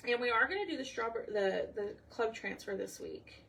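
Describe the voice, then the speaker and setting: A woman's voice: a little high, lively intonation, brisk, gravelly, a bit bright, slight background noise. A woman hosting a live crafting tutorial, chatting with viewers by name and thinking aloud as she works. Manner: chatty, talks to viewers by name while working; thinks aloud, often trails off. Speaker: craft livestream host.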